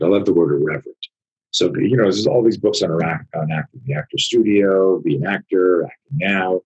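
A man, a martial arts instructor in his fifties or older, telling a story in casual conversation, animated and profane, acting out what people said. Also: deep voice, husky, lo-fi sound. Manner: animated, profane, acts out quotes.

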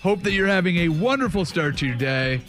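A man's voice: brisk, faint music behind. A man co-hosting a weekend sports radio show, joking and bantering with his partner. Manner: animated, joking, booming greetings. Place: radio studio.

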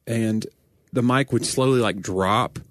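A man who is a stand-up comedian from the South, talking casually in a rambling, self-deprecating way with quick asides. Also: mid-range voice, no echo, clean studio sound. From Southern United States. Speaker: stand-up comedian, podcast guest. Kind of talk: casual conversation.

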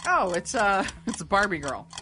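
A woman's voice: medium pitch, sing-song, pushed and bright. Playful female radio co-host. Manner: quick, playful answers with laughs. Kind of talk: radio morning show banter. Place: radio studio. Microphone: studio mic.

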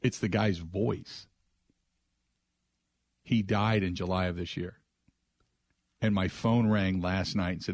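A middle-aged man with a fairly low voice hosts a talk radio show from a studio. He rambles through the story casually and restarts often. His voice sounds close and dry, with no room around it. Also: takes it slowly, pauses often, no room sound. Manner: rambling, restarts, animated when quoting others.

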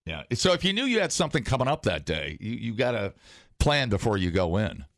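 A man co-hosting a casual podcast chat, rambling and halting as he mocks himself. His voice is gravelly and swings up and down a lot, recorded close and dry. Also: on the low side, sing-song, fairly bright tone, no echo. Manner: rambling, halting, self-mocking. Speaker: podcast co-host.

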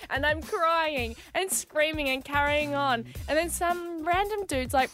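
A young Australian woman co-hosting a radio show, telling a story in an animated, breathless way with laughs. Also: high voice, measured pace, faint music behind. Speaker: radio co-host. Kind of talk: casual radio chat.

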